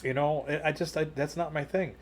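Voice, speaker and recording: A man co-hosting a podcast, telling a long personal story in casual chat, full of "you know" and "like", rising higher and louder at the exciting parts. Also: brisk, slight background noise. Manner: jumps higher and louder when retelling excited moments. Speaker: podcast co-host.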